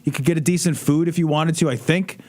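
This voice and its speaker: A man's voice: on the high side, fast talker, a little mellow. A man co-hosting a casual livestream, rambling through stories and jokes. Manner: rambling, storytelling, joking. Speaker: podcast co-host.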